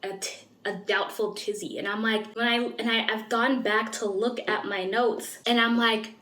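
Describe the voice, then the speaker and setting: A woman's voice: a little high, steady tone, normal speed, sharp tone. A woman in her twenties, a medical student, telling a personal story in a candid, earnest vlog with many "like" fillers. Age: 20s. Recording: roomy echo.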